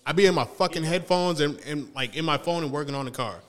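A man's voice: on the high side, fast, a bit bright. A man co-hosting a casual chat show, telling stories in a laid-back way full of slang and swearing. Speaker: podcast co-host.

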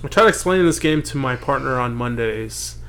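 A man's voice: mid-range voice, fairly quick. A man chatting casually with friends, telling stories and acting out quotes with swearing. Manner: animated storyteller, acts out quotes. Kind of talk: casual chat.

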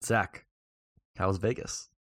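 A man's voice: sits low, steady tone, takes it slowly, fairly bright tone, breathy edge, no echo, studio quality. A man co-hosting a podcast who leads the questions in a joking, casual way. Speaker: podcast co-host. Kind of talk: casual chat.

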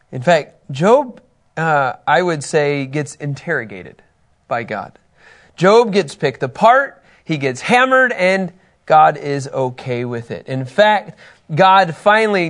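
Male Bible teacher, slightly high gravelly voice, reads verses and quizzes his class with energy. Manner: animated, reads scripture aloud and asks class questions.

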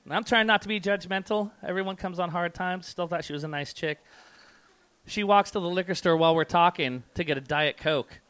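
A man's voice: sits high, a little fast, clear, resonant tone, no echo. Sardonic man doing crude stand-up. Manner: crude, sardonic, deadpan delivery. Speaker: comedian. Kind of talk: stand-up comedy set.

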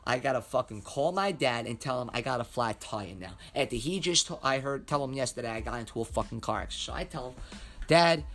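A man's voice: mid-range voice, lively intonation, fast talker, hardly any pauses, fairly bright tone. A young man hosting a podcast, telling a story in a rambling, profane, emphatic way. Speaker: podcast host. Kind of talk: casual storytelling monologue.

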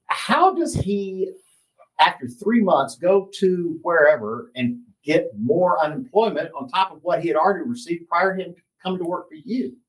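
Measured male interviewer. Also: high-pitched, expressive, rough recording. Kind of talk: interview questions.

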